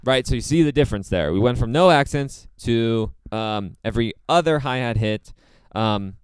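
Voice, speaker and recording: A man teaching drums, explaining a practice method step by step in a relaxed way, with many fillers. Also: mid-range voice, normal speed, smooth, dry recording. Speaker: drum teacher. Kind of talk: casual instructional talk.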